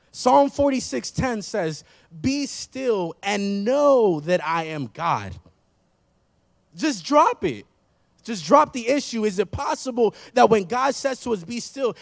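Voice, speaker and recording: A man in his thirties preaches with a high voice that catches into a gravelly fry. He builds through repeated phrases with emphatic force, and the sound is dry and close with little room around it. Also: sing-song, a little slow, no room sound. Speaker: pastor. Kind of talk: sermon. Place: church.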